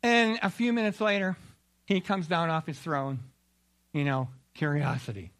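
High, bright-voiced preacher. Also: male voice, normal speed. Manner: animated storytelling with acted-out quotes. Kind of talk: sermon.

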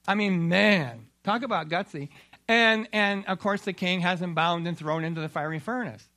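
A man preaching a sermon, retelling Bible stories in an animated way. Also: high-pitched, moderate pace. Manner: animated storytelling with acted-out quotes.

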